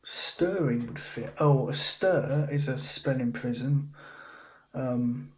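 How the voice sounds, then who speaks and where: On a dull lo-fi recording, a man with a mid-range voice takes it slowly, musing aloud and muttering clues to himself as he solves a cryptic crossword.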